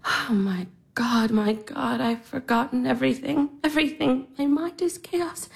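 An actress in her twenties playing a despairing young woman worn out by work, speaking in anguish with breathy whispered breaks. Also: a little high, darkish tone, rough recording. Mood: desperate. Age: 20s. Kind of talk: stage drama acting.

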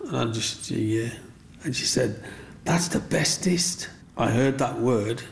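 A man's voice: medium pitch, unhurried, gravelly. An older man telling stories from his life in an interview, rambling and acting out voices. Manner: rambling, animated, acts out voices. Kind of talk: storytelling interview.

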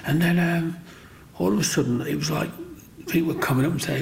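A man's voice: on the high side, a little fast, slight background noise. A man, interviewed about his sculpting, telling his life story and acting out the voices of the people in it. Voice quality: gravelly. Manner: animated, acts out other people's voices. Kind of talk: personal storytelling. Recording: roomy echo.

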